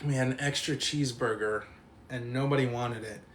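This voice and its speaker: A young man telling a long college story to a live stream chat, animated and profane, laughing as he goes. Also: mid-range voice, moderate pace, a little hiss or hum.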